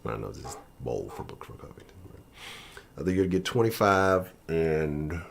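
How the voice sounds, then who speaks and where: A man's voice: very deep voice, animated, moderate pace, vocal fry, slight background noise. A man hosting his sports channel in a casual live-stream chat from his home office, profane and loose.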